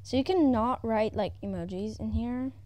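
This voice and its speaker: A woman at home giving casual, excitable commentary as she plays a video game. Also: a little high, moderate pace, no echo. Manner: excitable, exclaiming often, chatting to herself. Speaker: gaming YouTuber. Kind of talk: casual let's-play commentary.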